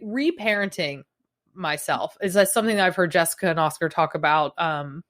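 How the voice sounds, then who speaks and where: A young adult woman hosting a podcast, talking in a casual, rambling, confessional way full of fillers. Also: fairly low pitch. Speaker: podcast host.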